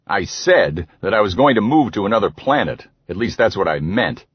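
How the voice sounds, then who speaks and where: A man's voice: on the low side, very animated, moderate pace, breathy edge, dry recording. A man voicing a pompous, scornful older doctor in an audiobook. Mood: indignant. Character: cantankerous, blustering older male doctor. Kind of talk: audiobook character voice. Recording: slightly dull, dry recording.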